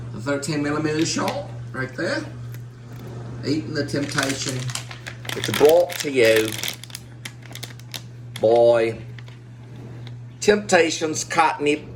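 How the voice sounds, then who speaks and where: A man vlogging at home, scolding his cat in a high sing-song voice, with playful rambling asides. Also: noisy background. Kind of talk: casual vlog talk to his cat.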